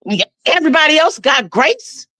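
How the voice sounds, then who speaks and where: A woman's voice: sits high, big pitch swings, moderate pace, pushed and bright, no echo. A woman in her forties with a Southern US accent, giving blunt, profane, impassioned commentary as a guest. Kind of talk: heated casual commentary.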